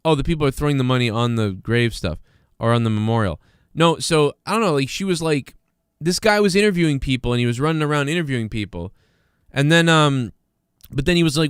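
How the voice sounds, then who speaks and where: A man's voice: mid-range voice, normal speed, a bit bright, clean tone, no room sound, studio quality. A man hosting a livestream, rambling in casual commentary with many fillers and restarts, sometimes sarcastic as he reads the chat. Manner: sarcastic, mocking. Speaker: livestream host reading chat.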